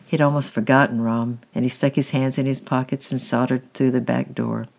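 A man narrating a storybook with a calm, steady reading. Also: medium pitch, fairly quick, vocal fry.

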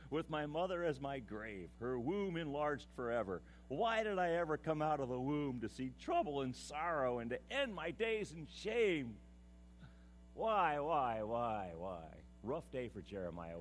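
A man preaching a sermon, impassioned, swinging from loud declaiming to hushed, confiding tones. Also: on the high side, a little hiss or hum. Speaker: pastor.

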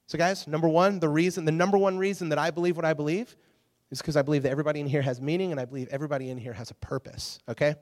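A man giving a casual sermon, telling a story with lively acted-out quotes to a youth audience. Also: fairly high pitch, very fast. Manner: animated storyteller, acts out quotes. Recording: long hall reverb.

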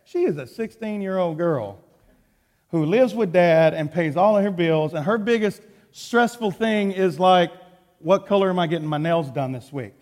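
Animated Texan preacher in a reverberant hall. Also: male voice, sits high, moderate pace. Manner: animated, acts out quotes, swings from hushed to shouting. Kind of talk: sermon storytelling.

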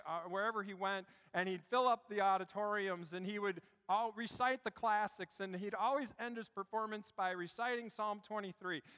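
A man preaching a sermon as a pastor, telling stories and dropping to a hush for emphasis. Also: high voice. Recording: long hall reverb.

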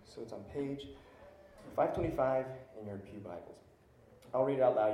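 Male pastor, sermon, warm mellow voice, conversational and questioning, roomy church echo. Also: medium pitch, normal speed, pauses often. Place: church sanctuary.

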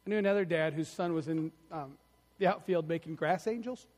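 High-voiced, animated male preacher. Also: a little fast, in a large hall. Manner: animated storytelling, emphatic, acts out quotes. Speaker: pastor. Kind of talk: sermon.

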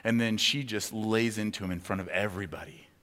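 A man's voice: on the low side, steady tone, fairly quick, fairly bright tone. A man giving a sermon as a conversational story, with many fillers and acted-out quotes. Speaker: pastor. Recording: long hall reverb.

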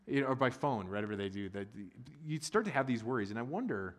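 A middle-aged man preaching a sermon as a pastor, conversational and humorous with loud excited bursts. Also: mid-range voice, quick pace, hardly any pauses, big-room sound.

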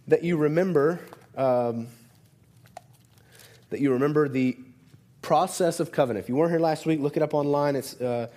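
A man's voice: fairly high pitch, a little mellow. A man preaching a sermon in a conversational way, often asking "right?" and restarting his sentences. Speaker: pastor.

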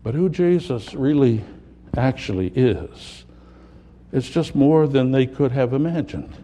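A man preaching a sermon, dramatically swinging between loud, emphatic lines and hushed, low ones. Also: unhurried.

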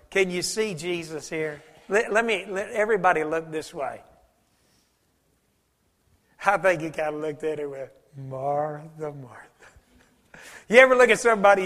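A preacher delivering a sermon in a fairly high voice, mixing homey anecdotes with scripture. He drops suddenly soft for emphasis, and his words trail off into the long echo of a big sanctuary. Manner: folksy storytelling preacher, varies volume for emphasis. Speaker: pastor.

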